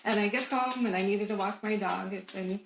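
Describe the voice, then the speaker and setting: A woman guest on an interview show, telling a personal story in an animated, emphatic way and laughing often. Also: medium pitch, brisk, creaky, background noise. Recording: roomy echo.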